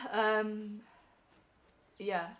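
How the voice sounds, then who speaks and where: A woman's voice: medium pitch, flat delivery, drawn-out words, a bit bright. A young woman on a live stream, emotional and teary as she talks to her chat from home.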